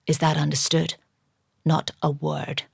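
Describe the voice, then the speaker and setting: A woman voicing a curt, commanding gentleman. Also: deep voice, little pitch movement, unhurried, gravelly, slightly rough, no echo, clean studio sound, full character voice. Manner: curt, clipped orders.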